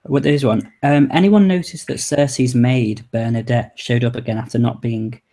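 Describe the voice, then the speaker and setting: A man's voice: mid-range voice, steady tone, moderate pace, mellow. A man hosting a casual chat, talking in an easygoing, conversational way. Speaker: host.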